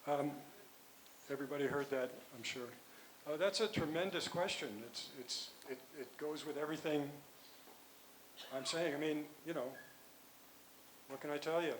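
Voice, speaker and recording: An older man, a physician and author, answering audience questions at a conference in a rambling, halting way with many restarts. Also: on the high side, a little hiss or hum, poor audio. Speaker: guest speaker, physician and author.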